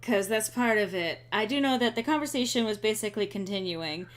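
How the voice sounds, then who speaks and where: A woman's voice: medium pitch, expressive, a little fast. A young woman streaming a game, chatting casually with sarcastic asides and frequent ums. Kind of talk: casual let's-play chat.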